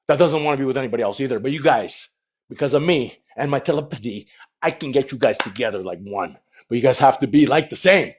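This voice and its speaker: A man's voice: mid-range voice, fast, husky. Rambling, mock-boastful man on a livestream. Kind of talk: comedic livestream chat. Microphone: phone at arm's length. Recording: dull lo-fi phone stream.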